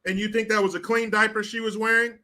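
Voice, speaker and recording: High-pitched, bright-voiced man ranting. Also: little pitch movement, fast. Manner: blunt, profane, indignant. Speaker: commentator. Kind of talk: ranting commentary.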